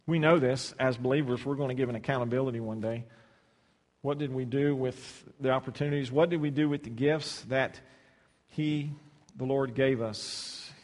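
A man preaching a sermon, swinging between loud, stretched-out scripture reading and soft, low asides, often repeating words as he restarts. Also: fairly even intonation, normal speed. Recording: long hall reverb.

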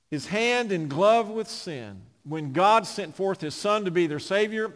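A male pastor delivers an impassioned sermon in a high-pitched voice. He leans into big, loud emphases and then sinks into quiet, low phrases. His words echo with a long reverb through a church sanctuary.

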